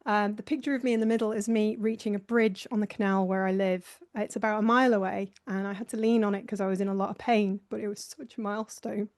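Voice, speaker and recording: A woman's voice: medium pitch, steady tone, quick pace, few pauses, a little mellow. Chatty laughing woman hosting a slideshow. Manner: chatty and self-mocking, laughs often. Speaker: host presenting a slideshow. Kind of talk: casual live presentation.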